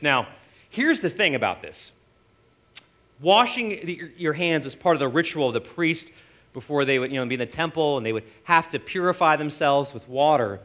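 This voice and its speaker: A man delivers a sermon in a lively storytelling manner. His voice sits a little high for a man, and he jumps into short acted voices for the people in his story. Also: normal speed. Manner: animated storytelling, acting out disciples' voices. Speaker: pastor.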